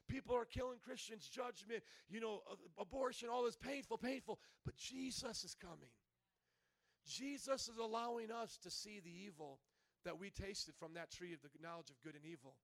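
A man preaching a sermon at a church service, moving from calm teaching into loud, stretched-out preaching. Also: sits high, normal speed, creaky. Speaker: pastor.

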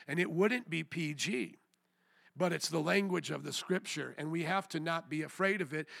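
A man preaching a fiery chapel sermon, shouting questions at the students and then dropping into quiet prayer. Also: on the high side, vocal fry, dry recording, clean studio sound.

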